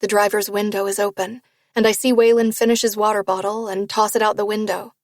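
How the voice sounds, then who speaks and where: A woman narrating a first-person romance novel in a steady storytelling read. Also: mid-range voice, a little fast, no echo, clean studio sound. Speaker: audiobook narrator.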